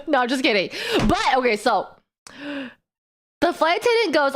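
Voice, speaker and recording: A woman's voice: high voice, unhurried, pauses often, a little hiss or hum. A young woman streamer telling a story in casual, profane talk, with frequent laughter. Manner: animated, profane, laughs often.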